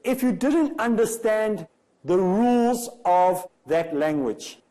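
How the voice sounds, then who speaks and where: A man's voice: high voice, animated, slow, dark tone, rough recording. A man from Africa, giving an emphatic religious lecture full of rhetorical questions. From South Africa.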